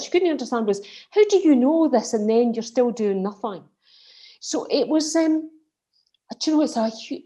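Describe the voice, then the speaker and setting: A woman's voice: fairly high pitch, dark tone. Scottish woman guest, emphatic and passionate, heard over a video call. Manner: passionate, emphatic, quick restarts. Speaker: guest speaker, colleague. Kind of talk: casual remembrance conversation.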